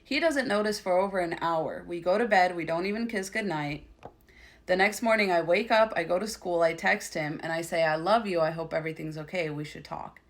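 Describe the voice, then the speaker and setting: A woman's voice: lowish voice, brisk. A woman giving emphatic, opinionated commentary on a reality show, reading out quotes and reacting to them. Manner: reads quotes aloud, then opinionated and emphatic. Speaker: commentary creator.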